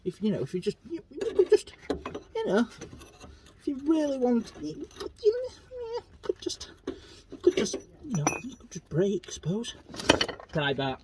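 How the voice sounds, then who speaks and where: A man's voice: very high voice, very animated, normal speed, long pauses. A man mutters and grumbles to himself as he struggles with a car repair from underneath the vehicle. His tone is self-mocking and offhand, like someone talking to no one in particular. Heavy clatter and noise fill the recording around him. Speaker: home mechanic vlogger. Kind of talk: muttering commentary while working. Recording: loud background noise, workshop clatter.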